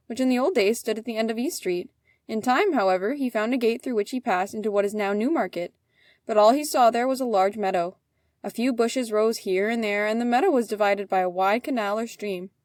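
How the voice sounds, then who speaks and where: A woman's voice: mid-range voice, darkish tone, dry recording, clean studio sound. Woman reading a fairy tale aloud. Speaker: storyteller. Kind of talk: storybook reading.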